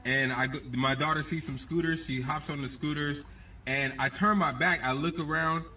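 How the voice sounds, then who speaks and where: A man's voice: on the high side, normal speed, far from the mic, a little hiss or hum. Man telling a story from across the room. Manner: excited, tells events step by step, repeats himself. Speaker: storyteller in a clip. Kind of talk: casual story to camera.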